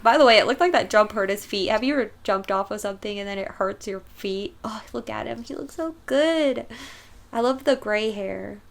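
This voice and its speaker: A woman's voice: medium pitch, normal speed, creaky, slight background noise. A young woman chatting casually and emotionally while reacting to music videos, rambling and often laughing.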